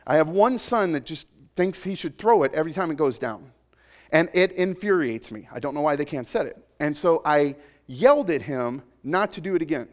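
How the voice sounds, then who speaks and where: A man preaching a sermon to a congregation, conversational and joking, swinging from loud emphatic points to soft, intimate asides. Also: fairly high pitch, lively intonation, moderate pace. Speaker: pastor.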